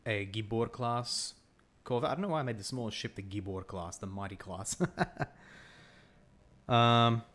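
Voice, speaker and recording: A man's voice: lowish voice, moderate pace, pauses often, a bit bright. A young Australian man chatting casually while streaming a strategy game, laughing often and answering his chat. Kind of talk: casual gameplay commentary with chat.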